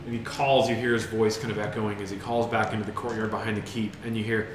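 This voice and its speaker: A man's voice: on the low side, level tone, slight background noise. Echoey game master man narrating. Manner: descriptive, halting with fillers. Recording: roomy echo with music behind.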